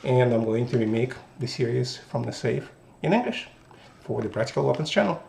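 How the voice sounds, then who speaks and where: A man with a Russian accent hosting a firearms channel, casually showing off a gun in a halting, deliberate way that restarts mid-phrase. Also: medium pitch, lively intonation, creaky, a little mellow. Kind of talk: casual gun show-and-tell. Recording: roomy echo.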